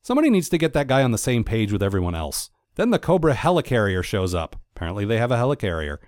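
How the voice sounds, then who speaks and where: A man's voice: on the low side, very animated, fast, a little mellow, no echo. Dry, sarcastic male recap narrator. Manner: sarcastic, wry asides. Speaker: cartoon reviewer. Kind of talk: comedic episode recap narration.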